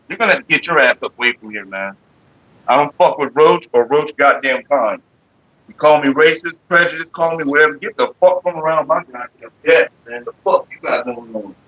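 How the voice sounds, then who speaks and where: A man from Florida streaming casually from his computer desk, cussing and ranting loudly. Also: medium pitch, husky. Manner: profane, cussing out bugs. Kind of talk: casual livestream rant. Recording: dull lo-fi stream audio.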